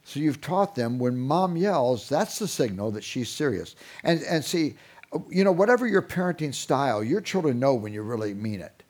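A man's voice: mid-range voice, animated, normal speed, a little mellow. Man teaching parenting, conversational. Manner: conversational, repeats words while thinking; acts out parents and children in quotes. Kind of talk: Christian parenting seminar talk.

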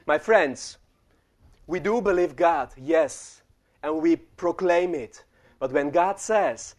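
Young male preacher, high tenor, chatty sermon storytelling that speaks straight to the room. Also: lively intonation, unhurried. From refugee childhood in the Netherlands. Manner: storytelling, addresses the congregation directly.

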